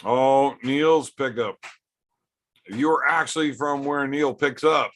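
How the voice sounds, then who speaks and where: A man's voice: medium pitch, takes it slowly, a bit bright. A man hosting a casual livestream from home, bantering with chat in a joking, profane way. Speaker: livestream host.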